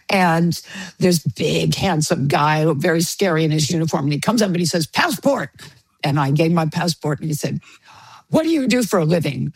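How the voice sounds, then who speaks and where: A woman's voice: deep voice, breathy edge, dry recording. A woman radio host telling a funny travel story in a casual chat, acting out the voices of the people in it. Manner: lively storyteller, acts out quoted voices, laughs often. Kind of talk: anecdote told in casual chat.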